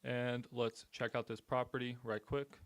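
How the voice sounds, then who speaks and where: A man's voice: medium pitch, level tone, a little slow, no room sound. Male real estate streamer, blunt and punchy sales patter with loose casual talk, middle voice, dead-dry room. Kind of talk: casual live-stream commentary while cold-calling.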